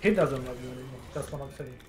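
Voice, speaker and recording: A man's voice: medium pitch, fast talker, a little mellow, slight background noise. A man chatting while gaming on voice chat, rambling and exasperated, swearing a lot. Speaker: gamer on voice chat. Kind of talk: casual gaming banter. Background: keyboard typing and clicks.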